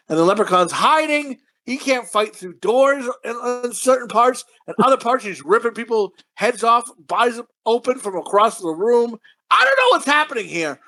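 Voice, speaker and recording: A podcast co-host in loose conversation, rambling and cursing as he rants. His voice leaps around in pitch and has a bright, forceful tone. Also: poor audio. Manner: rambling, profane, excitable ranting. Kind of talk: casual podcast chat.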